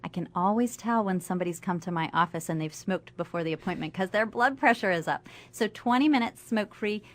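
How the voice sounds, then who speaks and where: A woman, a family doctor, guest on a radio interview, explaining health facts clearly and with enthusiasm. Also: mid-range voice, a little fast. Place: radio studio.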